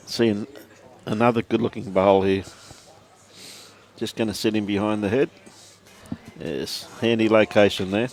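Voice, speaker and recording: An Australian man calls a lawn bowls game with an easy, chatty manner, laughing often and calling everyone mate. His voice sits fairly low. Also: steady tone, unhurried, darkish tone. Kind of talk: live sports commentary.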